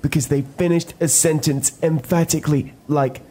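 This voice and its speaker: A man impersonating a sardonic television debate presenter in a comedy sketch, speaking briskly and emphatically. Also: on the high side, fairly even intonation, mellow, slightly rough, pitched above the performer's own voice. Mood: mocking. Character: pompous male debate-show presenter. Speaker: impression of a TV presenter.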